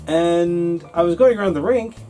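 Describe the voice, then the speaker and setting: A man co-hosting a casual English-learning talk show, telling a story in an animated way and acting out his younger self. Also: high-pitched, normal speed, soft background music.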